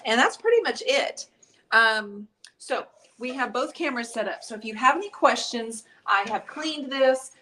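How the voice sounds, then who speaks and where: A woman's voice: fairly high pitch, a bit bright, a little hiss or hum. A middle-aged woman hosting a casual live-stream painting tutorial, chatty and upbeat as she jokes with her husband. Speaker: host and paint instructor.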